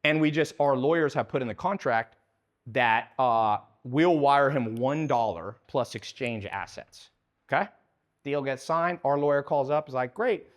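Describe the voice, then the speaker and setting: A man's voice: medium pitch, unhurried. A man giving a live talk to an audience, blunt and heavily profane, putting questions to the crowd and acting out the people in his stories. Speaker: speaker at a business seminar.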